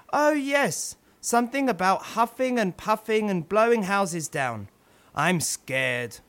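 Male storyteller for kids, chatty and animated, slow pace. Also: sits high. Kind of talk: children's story narration.

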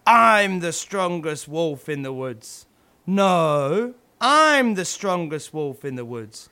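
A man's voice: on the high side, sing-song, takes it slowly, smooth, full character voice. A man voicing a blustering, boastful wolf in a storybook tale. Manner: blustering, loud. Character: boastful big bad male wolf. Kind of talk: storybook character voice.

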